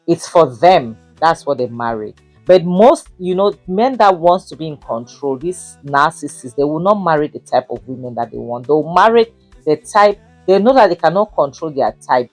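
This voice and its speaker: A woman's voice: low voice, lively intonation, moderate pace, dry recording, faint music behind. A young woman reviewing a drama series in casual, indignant commentary, stressing points and saying "you know" a lot. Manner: indignant, emphatic, repeats "you know" often.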